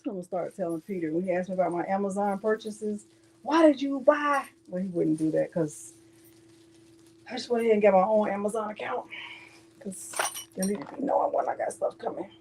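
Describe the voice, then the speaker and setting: A woman's voice: medium pitch, a little fast, mellow, slight background noise. A woman with a Southern US accent hosting a casual crafting livestream, thinking aloud and joking with viewers. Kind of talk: casual live chat.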